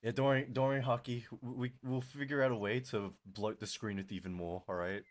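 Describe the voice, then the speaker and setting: A man live-streaming, chatting casually and answering his chat, animated and quick to laugh, his voice strained and tiring. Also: mid-range voice.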